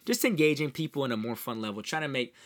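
A man's voice: mid-range voice, expressive, fast, fairly bright tone. A young man, a student leader, talking easily as a podcast guest, laughing often and restarting his sentences. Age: young adult. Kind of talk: casual podcast chat.

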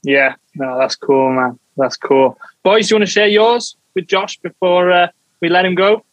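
A man hosting a casual chat, relaxed and friendly, calling guests mate and man. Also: high-pitched, moderate pace, no room sound, muffled recording. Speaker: host.

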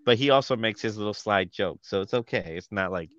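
A man co-hosting a casual podcast chat, opinionated and animated, with lots of fillers. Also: fairly low pitch, fairly quick, no echo, dull audio. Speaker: podcast co-host.

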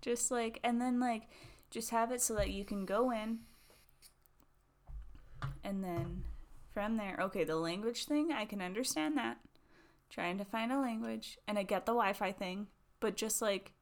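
A woman's voice: mid-range voice, unhurried, pauses often. A woman co-hosting a podcast from a small home studio, chatting casually, laughing a lot and saying "like" often. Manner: giggly, chatty, lots of "like". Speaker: podcast co-host. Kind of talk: casual chat.

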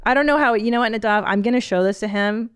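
A woman's voice: a little high, fast, clear, resonant tone, no room sound. A middle-aged woman hosting a casual podcast, reading a listener email aloud and chatting with candid, profane humor. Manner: candid, animated, profane, laughs often. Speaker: podcast host.

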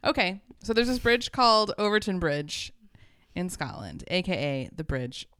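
A woman's voice: lowish voice, animated, moderate pace, fairly bright tone, clear, resonant tone, no room sound, clean studio sound. A young woman co-hosting a podcast, chatting casually, joking and swearing as she tells a story. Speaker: podcast co-host. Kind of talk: casual chat.

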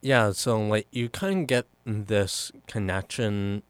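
A man co-hosting a podcast in casual chat, speaking in a halting, thoughtful way. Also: on the low side, smooth, no room sound. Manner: halting, many ums and likes, thoughtful. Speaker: podcast co-host.

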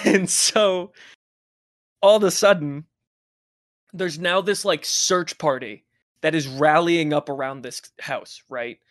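A young man casually telling a wild high school story, swearing often and laughing between lines. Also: slow, long pauses, dry recording, studio quality. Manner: profane, laughing, animated anecdote telling.

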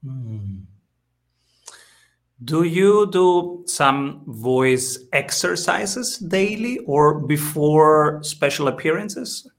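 A man hosting an interview, asking thoughtful, measured questions. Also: on the high side, lively intonation. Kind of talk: interview conversation.

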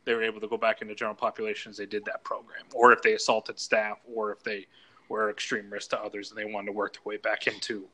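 Bright-voiced man telling crude stories. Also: lowish voice, completely flat delivery, fast talker. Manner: crude, laughing storyteller, acts out voices. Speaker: podcast co-host, former prison case manager. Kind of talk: casual storytelling chat.

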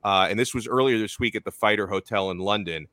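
A man's voice: on the low side, quick pace, pushed and bright, no echo. A man hosting a sports talk show, chatting loosely with lots of restarts. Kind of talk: casual sports chat.

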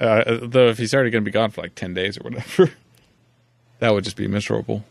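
A man's voice: on the low side, fairly even intonation, quick pace, vocal fry, no room sound. A man co-hosting a tech podcast, chatting casually, wry, with sighs and chuckles. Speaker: podcast co-host.

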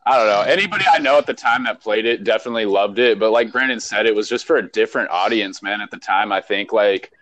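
Animated young man, casual and profane. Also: lowish voice, quick pace, few pauses, dry recording, poor audio. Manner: animated, loose and profane, laughs often. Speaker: podcast co-host. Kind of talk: casual chat.

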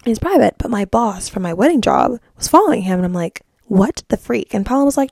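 A woman's voice: fairly high pitch, animated, fast, vocal fry, a little mellow, no room sound, clean studio sound. A young woman hosting her podcast, telling a dating story in a gossipy, chatty way with lots of "like"s. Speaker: podcast host. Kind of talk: casual chat.

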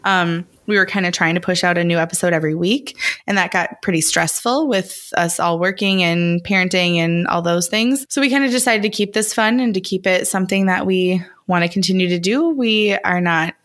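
A woman's voice: lowish voice, a little fast, fairly bright tone. A woman in her thirties co-hosting a podcast, chatting casually and correcting herself as she rambles along. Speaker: podcast co-host. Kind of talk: casual chat.

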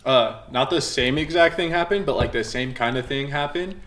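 A man's voice: mid-range voice, normal speed, a bit bright. Laid-back young man in an echoey room. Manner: laid-back, profane, trailing off. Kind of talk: casual chat among friends. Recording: roomy mic with faint noise.

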